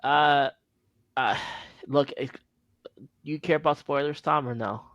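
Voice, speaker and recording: A man hosting a podcast, chatting casually and recounting a story in a halting, rambling way. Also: on the high side, fairly even intonation, a bit bright, no echo, lo-fi sound. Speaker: podcast host. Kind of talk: casual chat.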